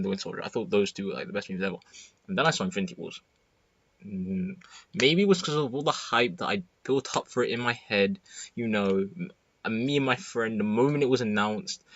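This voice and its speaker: A teenage boy giving an excited, rambling movie review full of fillers and restarts. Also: fairly low pitch, husky, no echo, highs cut off. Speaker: student vlogger. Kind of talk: casual movie review monologue.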